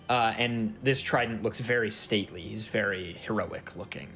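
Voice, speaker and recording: A man's voice: on the low side, fairly even intonation, normal speed, hardly any pauses, a bit bright. A man narrating as dungeon master in a tabletop game, loose and filler-heavy.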